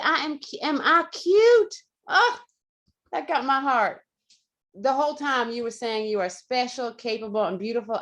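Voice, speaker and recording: A woman's voice: on the high side, a bit bright. A woman giving an effusive meeting report on a video call, quoting speakers and laughing often. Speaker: meeting grammarian.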